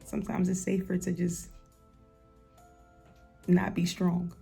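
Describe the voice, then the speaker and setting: A woman's voice: lowish voice, level tone, slow, creaky, warm tone, breathy edge, soft background music. A woman rapper speaking frankly and with some profanity in a candid documentary interview. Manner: frank and profane, gets playful and laughs. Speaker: rapper interviewed about her life.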